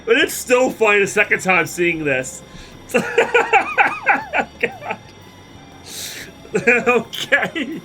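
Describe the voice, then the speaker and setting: A man's voice: very high-pitched, wildly swooping pitch, very slow, pauses often, bright, forceful tone, faint music behind. A man streaming a game and reacting with constant giggling, laughing until he tears up while sick with the flu and coughing. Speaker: let's play streamer.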